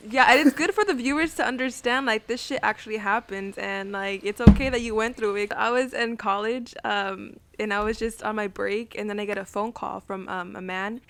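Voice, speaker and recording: A woman's voice: mid-range voice, normal speed, hardly any pauses, slight background noise. A young woman co-hosting a podcast, talking casually with swearing and filler words. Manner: casual, swears, repeats "like" and "blah, blah". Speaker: podcast co-host. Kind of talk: casual storytelling.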